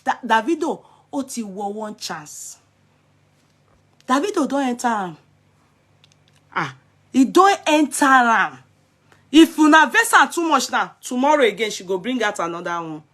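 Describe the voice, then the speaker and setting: A woman's voice: a little high, unhurried, long pauses. Scolding Nigerian woman commentator. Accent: Nigerian, Yoruba. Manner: scolding, animated, mixing Pidgin and Yoruba. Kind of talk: casual commentary vlog.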